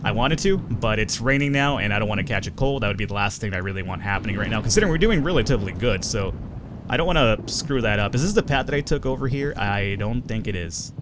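A young man chatting casually through a survival game, swearing often and jumping up in pitch when excited. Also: quick pace, background noise. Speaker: gaming video host. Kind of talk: casual let's play commentary.

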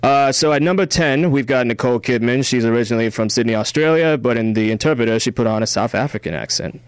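Smooth-voiced young man co-hosting radio. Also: mid-range voice, fast, no room sound. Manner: easygoing, filler-heavy. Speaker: radio co-host. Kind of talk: casual film review and countdown. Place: radio studio. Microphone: studio microphone.

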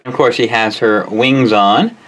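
A man's voice: mid-range voice, measured pace, fairly bright tone. A man co-hosting a toy review, chatting in a casual, teasing way. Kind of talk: casual chat.

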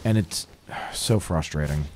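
A man's voice: rumbling low, unhurried, a little mellow, a little hiss or hum. A young man playing a video game, chatting casually and often swearing in frustration. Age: young adult. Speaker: gamer playing a game on a let's-play. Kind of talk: casual gaming chat.

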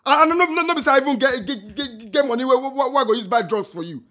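An actor playing a jealous, hot-tempered jobless husband with a Nigerian accent, who stammers and repeats words in angry bursts. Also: male voice, very high voice, expressive, racing, a bit bright. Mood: accusing.

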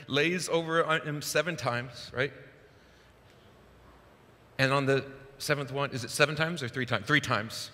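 A male pastor preaching a sermon in a casual, conversational, animated way, recorded in a church sanctuary with a long reverb. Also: mid-range voice.

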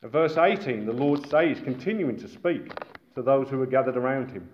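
A man from Britain preaching a sermon in a lively, conversational way with asides to his listeners. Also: mid-range voice, moderate pace. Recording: echoey, dull-sounding hall recording.

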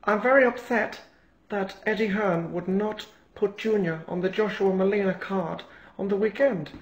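A man's voice: high voice, normal speed, echoey room, dull audio. A man impersonating an upset, dramatic father who keeps repeating that he is very upset. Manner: whiny, dramatic, repeating himself.

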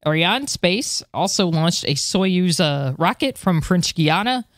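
Lively podcast co-host, dry sound. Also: medium pitch, dry recording. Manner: lively, quick laughs. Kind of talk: casual chat and read news.

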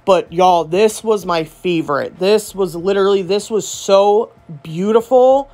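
A woman's voice: mid-range voice, normal speed, hardly any pauses, a little mellow. Gushing, chatty woman nail vlogger. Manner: gushing, chatty, many fillers. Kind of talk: casual product review.

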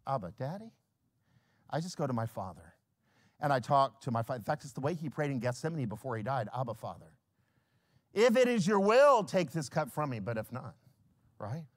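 A male pastor preaching a sermon, swinging from hushed lines to loud acted-out scenes. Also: mid-range voice, sing-song, a little fast, long pauses. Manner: acts out little scenes in quoted voices.

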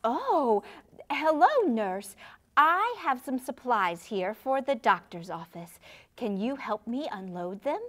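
A woman's voice: a little high, very animated, slow, fairly bright tone, full character voice. A woman voicing a mother playing along with her child in a puppet show, mild and playful.

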